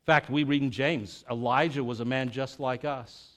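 A man's voice: mid-range voice, normal speed. A man preaching a conversational sermon, telling stories with energy and asking the congregation questions. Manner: animated storytelling, acts out quotes. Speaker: pastor.

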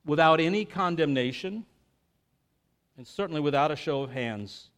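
A man's voice: on the high side, moderate pace, clear, resonant tone. A man preaching a conversational sermon, telling stories with energy and asking the congregation questions. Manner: animated storytelling, acts out quotes. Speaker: pastor.

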